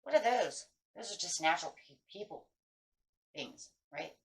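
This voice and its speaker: A woman's voice: lowish voice, expressive, moderate pace. A middle-aged woman giving a chatty, casual tarot reading, breaking into anxious inner voices. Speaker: tarot reader.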